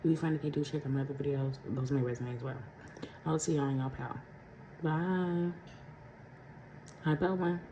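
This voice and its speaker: A woman's voice: low voice, steady tone, moderate pace, pauses often, dull audio. A woman doing a casual pick-a-pile tarot reading for her viewers, talking in a slangy, profane, conversational way from a room at home. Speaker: tarot reader. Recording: echoey room with clear background noise.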